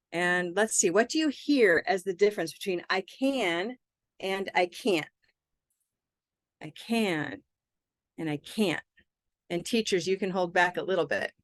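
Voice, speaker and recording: A woman's voice: mid-range voice, no room sound, studio quality. A woman, leading a live online pronunciation lesson and patiently modeling words for learners to repeat. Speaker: English pronunciation teacher.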